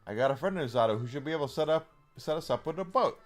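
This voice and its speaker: A man voicing a confident, smooth-talking male traveler in a fantasy game. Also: a little high, expressive, very fast, faint music behind, close to an everyday voice.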